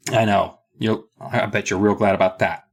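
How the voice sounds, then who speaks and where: A man co-hosting a comedy podcast, recapping a kids' horror book in casual chat and jumping into loud character voices. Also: on the low side, steady tone, moderate pace, gravelly, slightly rough. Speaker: podcast co-host.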